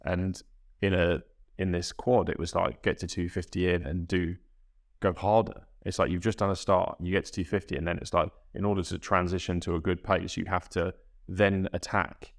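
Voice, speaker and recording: A young man, a guest rower, reflecting in a halting, self-correcting way in a casual podcast interview. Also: sits low, level tone, gravelly.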